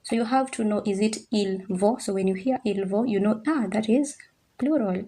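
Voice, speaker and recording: A woman teaching French at a board, patiently repeating words slowly for learners. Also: medium pitch, dark tone, breathy edge. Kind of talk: slow classroom explanation at a board.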